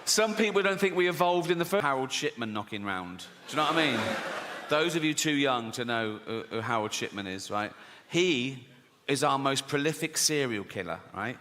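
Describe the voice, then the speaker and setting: A man's voice: medium pitch, expressive, normal speed. A middle-aged man doing a live stand-up routine, with a profane, mock-outraged ranting delivery. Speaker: stand-up comedian. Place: theater stage before an audience. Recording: live stage with long hall reverb and background noise.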